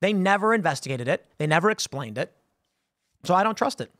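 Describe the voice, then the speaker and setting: A male commentary host with a slightly high voice rambles through his point, stumbling over words and starting sentences again. His voice sounds dry and close, with no room sound, as if into a studio mic. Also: animated, a little fast, a bit bright, no echo. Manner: stammering restarts, repeating words. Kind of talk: casual commentary monologue.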